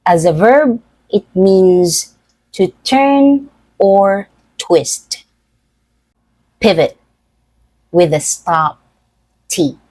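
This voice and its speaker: A woman teaching English pronunciation, speaking slowly and deliberately with careful enunciation. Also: mid-range voice, animated, darkish tone, no echo, rough recording. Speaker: pronunciation tutor. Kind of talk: scripted pronunciation lesson.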